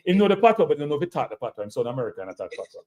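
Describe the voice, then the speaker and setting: Emphatic Jamaican football show host. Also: male voice, a little high, sing-song, racing, a little mellow. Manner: repetitive, emphatic, addresses viewers as people. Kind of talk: casual football analysis chat.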